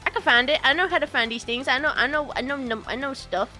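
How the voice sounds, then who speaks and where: A woman's voice: sits high, quick pace, pushed and bright, soft background music. A woman streamer chatting casually with her viewers, giggling often and greeting them. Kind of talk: casual live-stream chat.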